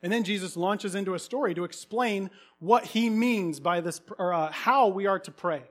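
A man in his thirties preaching a sermon, animated and storytelling, sometimes breaking into loud calls. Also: high voice, normal speed. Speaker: pastor.

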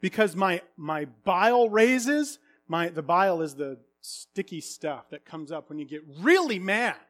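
A man in his thirties preaching a sermon, earnest, swinging from hushed confession to loud exclamations. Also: sits high, animated, measured pace.

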